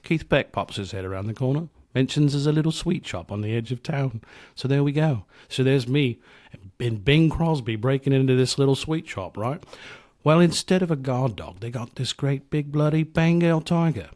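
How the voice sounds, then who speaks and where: A man putting on a put-on British accent to play a boastful male roadie telling a tall tale, in a deadpan way. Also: medium pitch, normal speed, no room sound, studio quality, close to an everyday voice.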